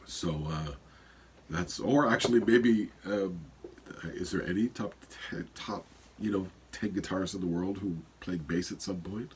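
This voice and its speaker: A man's voice: deep voice, unhurried, breathy edge. A man in his fifties with a stuffy nose, hosting a podcast in a rambling, casual solo intro full of fillers. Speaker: podcast host.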